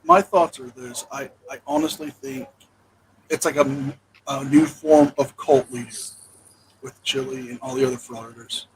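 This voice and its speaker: Lively man on a noisy mic. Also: mid-range voice, unhurried. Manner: animated, emphatic. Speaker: content creator. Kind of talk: casual panel chat.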